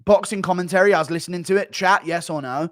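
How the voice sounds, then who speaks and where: A man's voice: high-pitched, fast, dry recording, clean studio sound. Blunt, swearing live-stream host man. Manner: rambling, blunt, swears freely. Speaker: livestream host reading viewer donations. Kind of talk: casual profane live-stream commentary.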